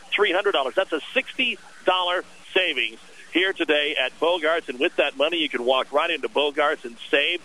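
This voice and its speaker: Sports radio guy doing a store remote, bright punchy voice, salesy, bit of noise behind. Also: on the high side, rough recording. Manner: upbeat salesy patter. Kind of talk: live remote broadcast with ad reads.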